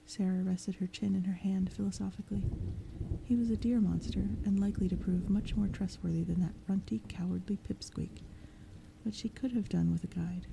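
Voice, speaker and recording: A woman reading a story aloud in a gentle, calm, soft-spoken audiobook style, sometimes slipping into whispers. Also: mid-range voice, fairly quick, creaky, background noise. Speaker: audiobook reader. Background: thunderstorm sounds.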